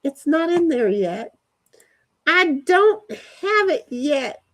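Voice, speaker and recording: A woman's voice: sits high, big pitch swings, slow, fairly bright tone. A woman live streaming from her backyard, rambling casually to herself and her chat and swearing now and then. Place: backyard, outdoors.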